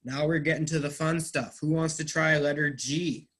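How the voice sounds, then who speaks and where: A man teaching an English class, explaining words patiently and clearly and praising his students. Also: on the high side, steady tone, moderate pace, fairly bright tone. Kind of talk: online class recap.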